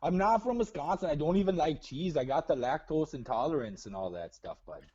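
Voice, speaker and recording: A man's voice: a little high, expressive, a little fast, mellow, breathy edge. A man doing a folksy Upper Midwest guy. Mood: pleading. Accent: Upper Midwest put-on. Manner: drawling, says "bud" constantly. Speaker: caller. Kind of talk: comedic call-in bit. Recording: dull lo-fi call audio.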